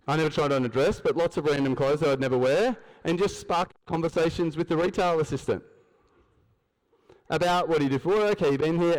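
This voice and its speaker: An Australian man giving a motivational stage talk at a business event, telling stories, acting out dialogue and asking the crowd questions. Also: fairly high pitch. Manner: storytelling, acts out dialogue, asks the crowd questions. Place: large event hall, on stage. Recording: long hall reverb.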